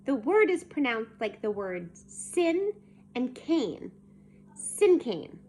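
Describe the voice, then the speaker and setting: A woman voicing a patient, gentle male schoolteacher. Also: high voice, big pitch swings, normal speed, a little hiss or hum.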